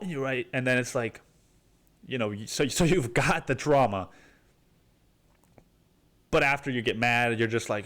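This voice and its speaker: On a solo rant podcast, a male host talks alone into a microphone in a mid-range, fairly bright voice at a moderate pace, with long pauses. He rambles, swears freely and says "dude" in nearly every sentence.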